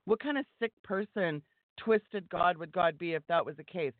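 A woman's voice: on the low side, normal speed, no echo. Female guest, exhorting preacher style, phone-quality audio, dry. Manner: emphatic, exhorting. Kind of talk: fervent preaching-style talk. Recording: tinny phone line, dry.

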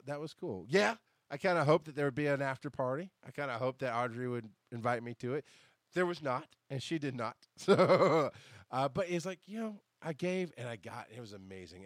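Profane, animated male podcast storyteller. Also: medium pitch, no room sound, clean studio sound. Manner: animated, profane, laughs at himself. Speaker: podcast host. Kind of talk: casual storytelling monologue.

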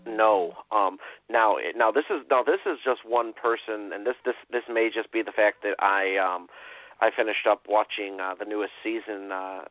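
Low-voiced man, halting, on a phone line. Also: fairly even intonation, dry recording. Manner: hesitant, many ums, thoughtful. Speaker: podcast co-host. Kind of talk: casual chat. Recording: dry tinny phone line.

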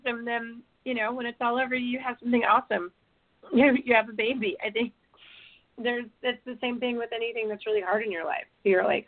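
A woman's voice: on the high side, flat delivery, a little fast. A woman hosting a casual chat, speaking earnestly and laughing between her thoughts. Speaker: host. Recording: tinny phone-like line.

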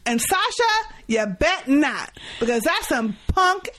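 Woman, high lively voice, blunt and profane, casual podcast chat. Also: takes it slowly, a little hiss or hum. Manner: blunt, profane, animated retelling. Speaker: podcast co-host.

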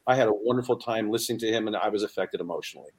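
A middle-aged man, a singer, chatting casually and telling stories and jokes with lively voices. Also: fairly low pitch, racing, husky. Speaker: singer and guest.

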